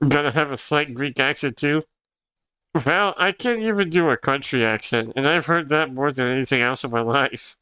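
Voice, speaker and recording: This streamer is a young man whose first language is Spanish, answering chat in a loose, rambling way with frequent laughter. He speaks at normal speed in a medium-pitched voice with a sharp yet clean tone. The sound has no echo.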